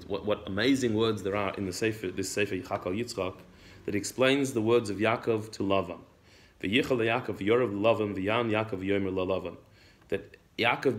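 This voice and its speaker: A low-voiced man teaching a religious text class. He reads Hebrew passages and then explains each one in plain English. His delivery is unhurried, with frequent repeated words. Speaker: Torah teacher.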